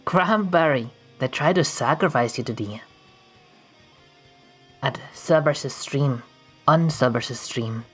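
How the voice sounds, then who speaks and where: Very low-voiced, playful woman streamer. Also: a little slow, long pauses, slightly rough, faint music behind. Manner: playful and goofy, breaks into laughs and silly voices. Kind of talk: casual livestream chat while drawing.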